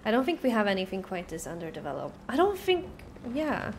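A woman streamer talking chattily through a game, breaking into yells. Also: mid-range voice, wildly swooping pitch, fairly quick. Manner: chatty, bursts into yelling. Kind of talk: let's play commentary. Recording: noisy background.

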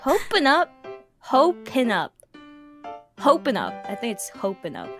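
High, lively woman sounding out phrases. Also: measured pace. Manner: repeats phrases aloud, puzzling them out. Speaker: game player. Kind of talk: game stream banter. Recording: stream audio with music under it.

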